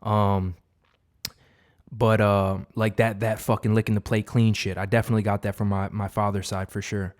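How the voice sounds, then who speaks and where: A man's voice: lowish voice, level tone, normal speed. Profane, rambling male motivational talker. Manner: profane, rambling, with many fillers and restarts. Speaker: motivational vlogger. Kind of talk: unscripted motivational monologue.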